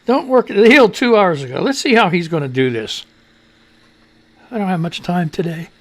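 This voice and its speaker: A man's voice: high voice, expressive, normal speed. A man hosting a live radio news show, rambling in exasperated, sarcastic casual commentary while wheezing.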